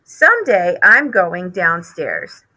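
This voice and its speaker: Storybook: woman reading cocky young boy mouse, bright and lively, pitched up. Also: drawn-out words, heavily acted, low-quality recording. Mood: eager. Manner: eager, boastful.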